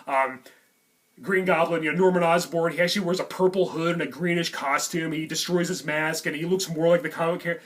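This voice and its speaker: A man's voice: fairly high pitch, fairly even intonation, a little fast, fairly bright tone. A man giving a casual movie review, rambling with lots of fillers. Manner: rambling, many "um" and "you know" fillers. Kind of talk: casual reaction vlog.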